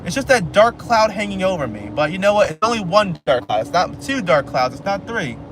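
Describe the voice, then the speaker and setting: This man has a high voice, very animated and a little fast, as he live streams from behind the wheel on a highway. He rambles casually, jokes at his own expense, and keeps repeating phrases, with faint road and car noise underneath.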